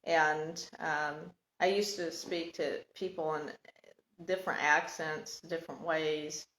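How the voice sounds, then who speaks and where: A woman telling her own life story in a casual, reflective monologue, halting and searching for words. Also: sits low, fairly even intonation, a bit bright, slight background noise. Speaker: podcast host sharing personal story. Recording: echoey room.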